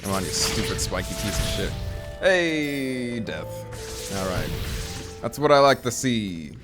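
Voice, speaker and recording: Man, live gameplay commentary, low voice, lively pitch, excitable outbursts, game music behind. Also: measured pace. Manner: excitable, yelps and groans at the game, rambling asides. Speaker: streamer.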